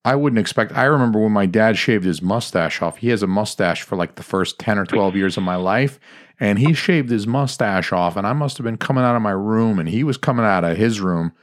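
A young adult man hosting a podcast, chatty and joking, getting animated when he retells his own stories. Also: lowish voice, a little fast. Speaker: podcast host. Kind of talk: casual podcast chat.

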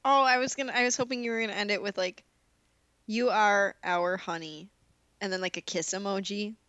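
Female co-host, mid-pitched, rambling and expressive, dry close recording. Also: rapid-fire, clear, resonant tone, no room sound, muffled recording. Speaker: podcast co-host. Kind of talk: casual podcast chat.

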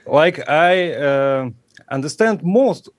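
Russian-accented man, halting dry English. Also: a little high, lively intonation, dry recording. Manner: halting, searching for English words. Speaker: podcast guest. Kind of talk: casual interview chat. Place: home at night, remote call.

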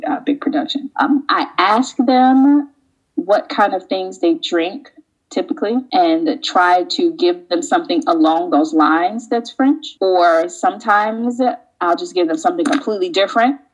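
A woman being interviewed about wine, telling relaxed stories and acting out little exchanges. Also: on the low side, unhurried, low-quality recording. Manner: relaxed storyteller, acts out quoted exchanges. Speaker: guest, wine educator. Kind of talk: casual interview conversation. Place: lives in France.

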